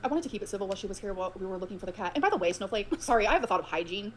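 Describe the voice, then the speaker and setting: A woman's voice: medium pitch, animated, racing, slight background noise. A woman ranting to her viewers, profane and emotional, swinging between grievance and sarcasm. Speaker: streamer ranting on her own stream. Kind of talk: rapid unfiltered rant.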